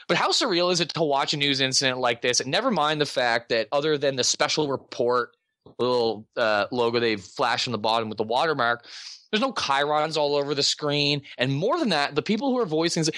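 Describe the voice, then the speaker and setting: A man hosting a podcast in casual chat, excitable and joking, with quick asides. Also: fairly high pitch, no room sound, studio quality. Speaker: podcast host.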